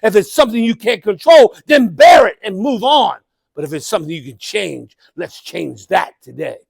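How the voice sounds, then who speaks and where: Keynote speaker, middle-aged man, high voice, dry close sound, calls out and shouts to the room. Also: normal speed, gravelly, husky, dry recording. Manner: animated, calls out to the crowd, bursts into shouting. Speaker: motivational speaker. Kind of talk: live keynote speech to an audience. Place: conference event room.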